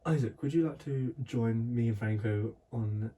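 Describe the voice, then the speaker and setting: A man's voice: medium pitch, normal speed, dark tone, recorded from a distance. A young man co-hosting a casual podcast, telling stories in a rambling way with lots of fillers and restarts. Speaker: podcast co-host. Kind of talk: casual chat.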